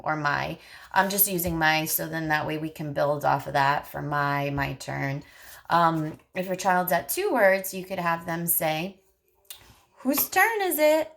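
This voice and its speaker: A woman's voice: sits low, creaky, fairly bright tone. A woman speech therapist coaching parents, patiently modeling short phrases in a sing-song voice. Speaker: speech-language pathologist.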